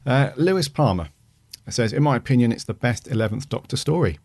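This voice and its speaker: A man co-hosting a podcast, reading listener reviews aloud in a relaxed way with frequent fillers. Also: medium pitch, a little fast, vocal fry, no room sound. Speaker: podcast co-host.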